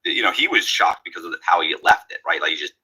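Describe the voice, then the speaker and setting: A man's voice: low-pitched, rapid-fire, slightly rough, poor audio. A man telling a long story in a casual way, acting out the lines of the people in it. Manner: animated, acts out quoted dialogue.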